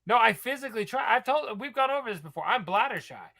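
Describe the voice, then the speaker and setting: A man's voice: extremely high pitch, expressive, quick pace, creaky, sharp tone. A man in his thirties co-hosting a podcast, telling a rambling story in casual banter. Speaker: podcast co-host. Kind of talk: casual chat.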